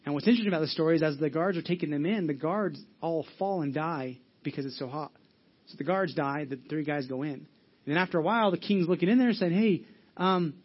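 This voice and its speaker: A man's voice: fairly high pitch, quick pace, slightly rough, muffled recording. A man preaching a sermon in an earnest, conversational way, asking the congregation questions and answering them. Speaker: pastor.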